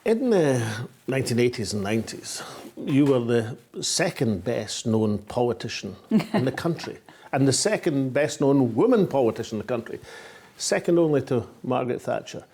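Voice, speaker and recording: An older man with a Scottish accent, hosting a political interview and asking probing, measured questions. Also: medium pitch, big pitch swings, darkish tone, husky. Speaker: host.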